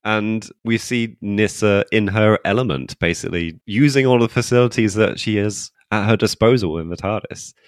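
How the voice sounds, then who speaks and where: A man with a fairly low voice rambles enthusiastically through a casual chat with his co-host, often restarting his sentences. The sound is close and dry, with no room around it. He talks in an easygoing, conversational way. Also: normal speed, hardly any pauses, no room sound. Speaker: podcast co-host. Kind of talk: casual chat reviewing a TV episode.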